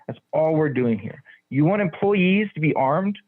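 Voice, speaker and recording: A man's voice: fairly high pitch, expressive, moderate pace. A man calling in to give public comment at a county meeting, frustrated and complaining, with hesitant fillers. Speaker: caller giving public comment. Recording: tinny phone line.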